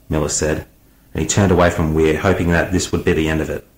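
A man narrating an audiobook in a measured, unhurried reading. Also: rumbling low, level tone, roomy sound, poor audio.

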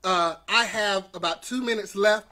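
Middle-aged male host, upbeat motivational livestream, repeats lines for the audience, bright and forward tone. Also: sits high, normal speed. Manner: energetic, repeats lines for viewers to echo; greets viewers by name. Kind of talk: upbeat motivational live talk.

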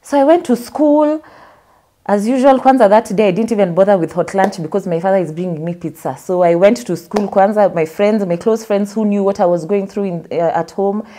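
Brisk and warm at a medium pitch, this young Kenyan woman recounts her life as an interview guest. She voices the people she quotes as she goes.

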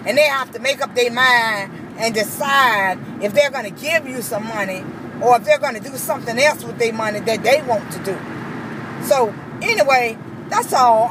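A woman's voice: on the high side, moderate pace, noisy background. A woman ranting angrily on her vlog, repeating herself with heated emphasis. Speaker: vlogger. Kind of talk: angry personal rant.

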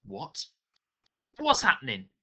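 A man's voice: medium pitch, huge pitch swings, slow pace, pushed and bright, husky, full character voice. A man voicing a sneering, threatening street mugger in a read-aloud storybook. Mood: panicked. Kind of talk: storybook reading.

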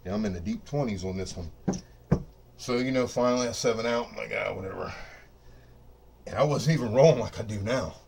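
A medium-pitched, darkish-toned man talks fast over slight background noise in his home studio set up for dice rolling. He is a middle-aged craps dice-control video host giving a casual, profane, unscripted rant, boastful and fired up, with frequent "you know what I mean"s.

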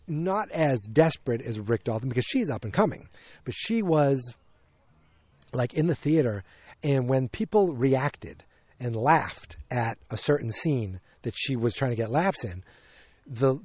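A man's voice: medium pitch, a little mellow, dry recording. A man hosting a podcast, chatting casually about a film, rambling and correcting himself as he goes. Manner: rambling, self-correcting, opinionated. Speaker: podcast host. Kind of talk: casual movie review chat.

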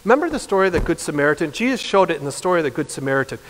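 Pastor guy, 50s, pretty high voice, earnest sermon that swells up then goes quiet, big echoey church. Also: big pitch swings, racing, slight background noise. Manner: earnest, builds to impassioned emphasis, then drops soft. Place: church sanctuary. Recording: long reverb of a church hall.

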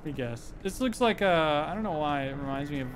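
A man giving casual, jokey commentary while playing a video game, breaking into excited exclamations. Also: a little high, a little fast. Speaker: let's play streamer. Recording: loud game music behind voice. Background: game soundtrack and sound effects.

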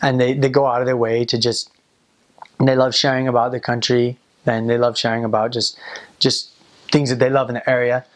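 A man's voice: medium pitch, flat delivery, a little fast. A man in casual interview talk, rambling and repeating words as he searches for them.

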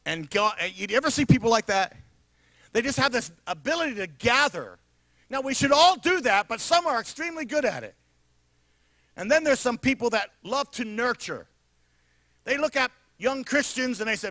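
A man with a New York area accent, preaching a sermon as pastor in an animated, emphatic way with frequent laughter. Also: extremely high pitch, fairly quick, no echo. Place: church sanctuary.

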